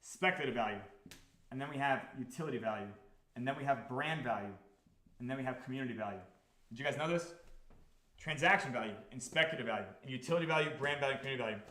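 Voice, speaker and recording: A man hosting a livestream about his crypto project, talking to the chat in an excitable, profane, repetitive way. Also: medium pitch, fast talker, reverberant. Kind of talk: livestream talk to a chat audience.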